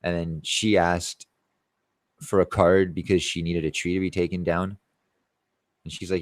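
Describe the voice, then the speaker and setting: Low-voiced, profane man. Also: level tone, measured pace, pauses often, no room sound, clean studio sound. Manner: profane, boastful, rambling. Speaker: tree-cutting contractor. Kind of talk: casual monologue vlog.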